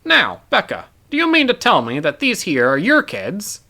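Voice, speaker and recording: A man voicing a cheerful middle-aged male professor with an Australian accent, speaking loudly and warmly. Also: high-pitched, huge pitch swings, moderate pace, vocal fry, voice pushed up, full character voice. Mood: hearty. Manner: hearty, friendly, loud.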